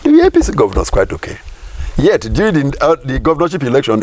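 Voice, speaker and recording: A man's voice: mid-range voice, wildly swooping pitch, fast, darkish tone. A middle-aged Nigerian man giving political commentary in an interview, emphatic, firing rhetorical questions and repeating his points.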